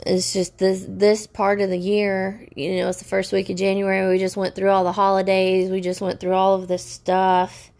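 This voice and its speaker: Woman, personal vlog rant, stressed, halting, gravelly fry, flat delivery. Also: mid-range voice. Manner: upset, halting, many restarts. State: stressed and upset. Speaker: vlogger.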